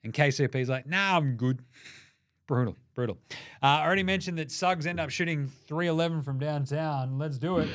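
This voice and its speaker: A man with an Australian accent hosting a sports show, excitable and sweary, cracking jokes. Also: a little high, a little fast. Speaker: podcast host. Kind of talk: energetic sports commentary.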